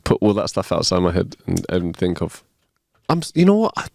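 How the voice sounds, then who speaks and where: A man co-hosting a podcast in a relaxed, slangy chat, laughing often. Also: sits low, a little fast, vocal fry, dry recording, studio quality. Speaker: podcast co-host. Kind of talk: casual chat. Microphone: wireless clip-on mic.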